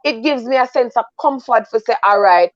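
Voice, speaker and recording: A woman's voice: sits high, fairly even intonation, fairly quick, dry recording, muffled recording. A woman with a Jamaican accent on a discussion panel, speaking animatedly and slipping between standard English and patois.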